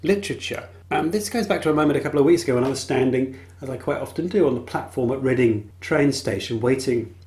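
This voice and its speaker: A man hosts a podcast on his own in a casual monologue. His humour is wry and dry, and his pitch sits in the middle range. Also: fast, few pauses, darkish tone. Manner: wry, dryly humorous. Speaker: podcast host.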